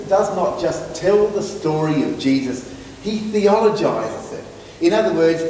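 An Australian man preaching a sermon as minister, measured and stumbling over his words now and then. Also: on the high side, darkish tone, a little hiss or hum. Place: church hall. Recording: echoey church hall from far off.

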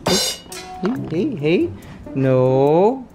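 A man vlogging at home, talking to his pet parrot in coaxing, sing-song baby talk between calm explanations. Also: on the high side, takes it slowly, over music.

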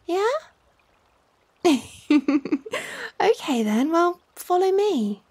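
High, slow-talking woman in whispered role-play. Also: big pitch swings, a little hiss or hum. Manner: coaxing and gently teasing. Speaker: ASMR performer.

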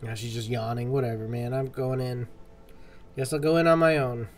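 A man's voice: mid-range voice, fairly even intonation, moderate pace, faint music behind. A young man casually commenting on a role-play game, joking and talking back to the characters. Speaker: gaming video host.

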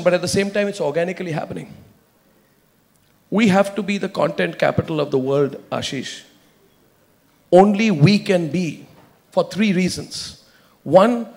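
A middle-aged man, a media executive speaking on a panel in an emphatic, persuasive way. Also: high-pitched. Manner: emphatic, persuasive, repeats himself for stress. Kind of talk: panel discussion.

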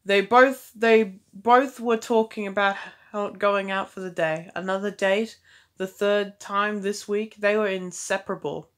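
A woman's voice: medium pitch, fairly even intonation, measured pace. A woman reading fanfiction aloud, stopping often for casual, wry asides and restarting words as she goes. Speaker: fanfiction reader.

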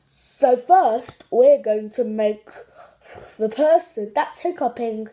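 A woman hosting a children's craft show, playful and animated, with gasps and giggles. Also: on the high side, takes it slowly, a little hiss or hum. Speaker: host of a kids' craft show.

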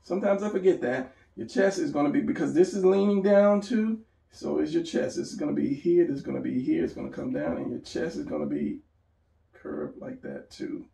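A gravelly-voiced man with a mellow tone walks through a drawing lesson in a loose, rambling way, talking to himself as he sketches. He sounds a little away from the mic, in an echoey room. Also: a little high, very animated, a little fast, recorded from a distance. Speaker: drawing instructor. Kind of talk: casual drawing tutorial.

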